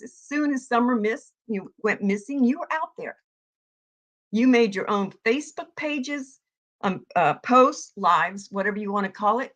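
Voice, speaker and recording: A woman giving a heated, profane commentary rant, yelling at times. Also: on the high side. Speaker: online commentator.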